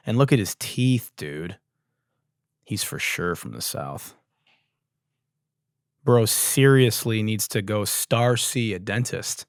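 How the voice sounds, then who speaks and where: A man's voice: fairly low pitch, lively intonation, takes it slowly, long pauses, dry recording, studio quality. A young man hosting a podcast, riffing crudely and sarcastically in casual comedy. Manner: crude, sarcastic, jumps between mumbles and loud outbursts. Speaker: podcast host.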